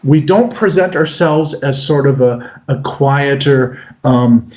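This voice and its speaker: Man in his forties, from North America, animated, fairly high voice. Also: measured pace. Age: 40s. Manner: animated, breaks into mock voices. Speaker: magician guest. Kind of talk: casual interview answers. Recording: roomy echo.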